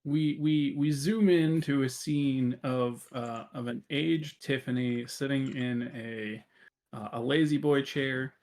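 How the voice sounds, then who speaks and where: A man's voice: mid-range voice, steady tone, takes it slowly, darkish tone. A man narrating a tabletop game as game master, with a rambling, hesitant delivery full of fillers.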